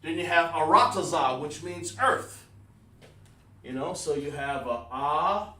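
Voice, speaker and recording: In a room with a writing board, a man runs a casual live-streamed language lesson, calling on viewers by name. His voice is a little high and bright, slow but forceful, and the distant mic gives it a roomy sound.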